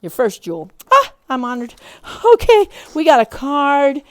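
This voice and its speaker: A woman's voice: high-pitched, huge pitch swings, moderate pace, no echo. Chatty woman training a camp team. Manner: warm, encouraging, chatty with frequent fillers. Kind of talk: instructional talk to a staff team.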